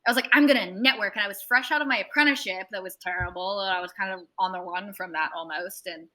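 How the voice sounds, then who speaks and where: A young woman, a tattoo artist, telling a long anecdote in a casual interview, animated, swearing freely and acting out other people's voices. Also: medium pitch, fast.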